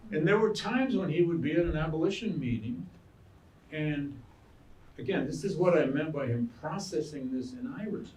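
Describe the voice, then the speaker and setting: A man, a historian and biographer, answering audience questions in an animated, storytelling way and acting out quotes. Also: on the high side, normal speed. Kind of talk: lecture Q&A answer. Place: lecture hall. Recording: echoey room, mic far off.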